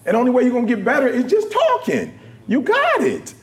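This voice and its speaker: A man giving a motivational talk to a live audience, animated and repeating "right?" and "you know what I'm saying" often. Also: very high-pitched, fairly quick. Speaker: guest speaker.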